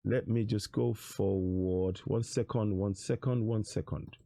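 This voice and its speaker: A man's voice: fairly low pitch, steady tone, a little slow, vocal fry, dark tone, no echo, clean studio sound. A man giving emphatic online commentary on material shown on screen, repeating his rhetorical questions and phrases. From Nigeria. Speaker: political commentator.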